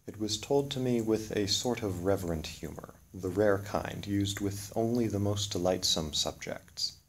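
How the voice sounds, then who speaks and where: A man narrating a scripted literary story in a measured, solemn way. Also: lowish voice, slight background noise.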